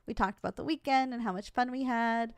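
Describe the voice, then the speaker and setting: Giggly streamer woman, higher voice. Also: brisk, clear, resonant tone, dry recording. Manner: giggly storytelling, frequent laughs and fillers. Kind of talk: casual chat. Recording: dry close mic, faint music behind.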